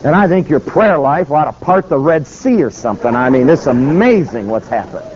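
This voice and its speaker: A man preaching a sermon with emphatic, animated storytelling. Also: fairly high pitch, moderate pace. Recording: dull lo-fi with faint noise.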